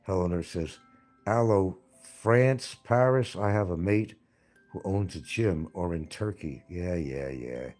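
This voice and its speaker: A man's voice: deep voice, animated, measured pace, darkish tone, faint music behind. A man hosting a livestream, reading chat comments aloud and mocking people in a rambling, crude way. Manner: crude, mocking, laughs at his own jokes.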